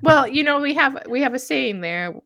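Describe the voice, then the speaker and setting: A woman's voice: sits high, animated, moderate pace, fairly bright tone, no echo, clean studio sound. A woman co-hosting a podcast, telling stories casually with frequent giggles. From Colorado. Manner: giggly storytelling. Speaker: podcast co-host. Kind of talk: casual chat.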